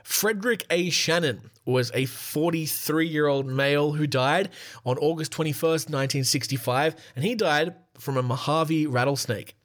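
A man with a fairly bright, high-leaning voice reads out a list at moderate speed on his casual solo podcast. His manner is giggly and irreverent, and he repeatedly interrupts himself to joke.

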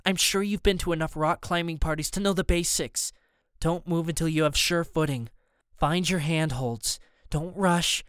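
A man voicing Amy, a determined teenage girl who urges her friend on in a low, hurried whisper. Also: clean tone, dry recording, studio quality, lightly acted. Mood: coaxing. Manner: urgent whispering.

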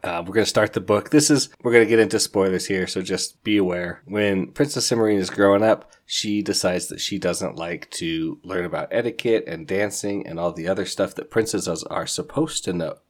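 A man with a low, deep voice hosts a podcast and chats his way through a book review. He sounds amused and laughs often, with a loose, conversational delivery. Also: moderate pace, few pauses. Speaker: podcast host. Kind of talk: casual book review chat.

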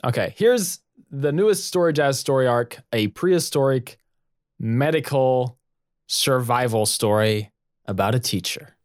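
A man's voice: medium pitch, a little slow, no echo, studio quality. A man narrating an improvised story as co-host, playful, stopping to laugh and ask questions.

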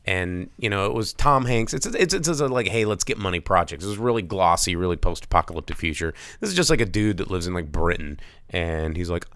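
A man co-hosting a casual movie chat, tired and with a raw throat, rambling and animated with many restarts. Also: low voice, fairly quick, dry recording. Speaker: podcast co-host.

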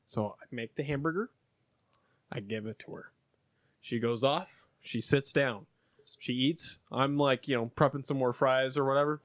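A man's voice: normal speed, no room sound, clean studio sound. A man telling a work story in casual podcast chat, swearing often and mimicking customers. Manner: animated, swears a lot, mimics customers in high voices. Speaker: podcast co-host.

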